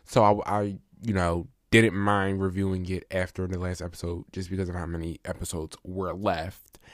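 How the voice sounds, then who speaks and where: A man's voice: low voice, level tone, moderate pace, no room sound, studio quality. A man hosting his own podcast, talking casually and rambling with lots of fillers, getting emphatic when he rants. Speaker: podcast host. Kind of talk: casual solo podcast review.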